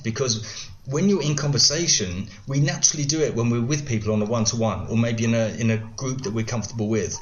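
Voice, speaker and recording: A man's voice: medium pitch, a little fast, dull audio. A middle-aged man, a guest video coach, explaining things in a podcast interview with many examples and frequent restarts.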